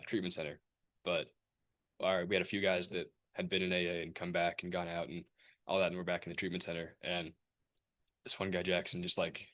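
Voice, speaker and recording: A young man with a low, fairly monotone voice and a bright, forward edge, sharing his recovery story. He rambles candidly, leaning on "like" and "um", and laughs at himself now and then. The sound is close and dry. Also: no room sound. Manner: casual, rambling, many fillers and "like"; candid, with self-mocking laughs. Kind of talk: personal recovery testimony.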